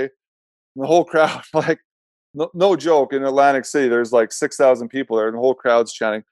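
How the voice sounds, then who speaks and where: A man's voice: medium pitch, a little fast, a little mellow, no room sound. A middle-aged man, a former pro hockey goalie, telling a rambling, self-correcting story in casual talk and laughing at himself.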